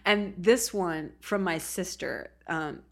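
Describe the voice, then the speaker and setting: A woman's voice: on the low side, slow, gravelly. A woman hosting a podcast, speaking casually and laughing often. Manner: warm, laughing, emotional. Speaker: podcast host. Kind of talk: casual narration.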